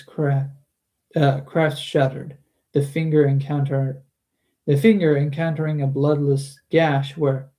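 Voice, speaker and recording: A man's voice: fairly high pitch, warm tone. Guy reading a book on stream, takes his time, chatty, lots of restarts. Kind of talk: casual book reading with commentary.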